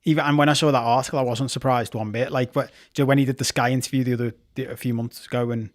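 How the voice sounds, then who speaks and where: A man's voice: mid-range voice, steady tone, rapid-fire. A man co-hosting a football podcast in casual chat, talking with heated passion, swearing freely and restarting his sentences. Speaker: podcast co-host.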